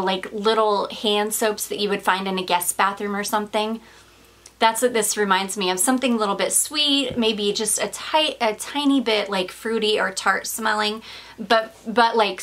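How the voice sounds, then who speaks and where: A woman's voice: medium pitch, fairly bright tone. A woman reviewing perfumes in a casual vlog, gushing and rambling with fillers and small laughs, slightly out of breath.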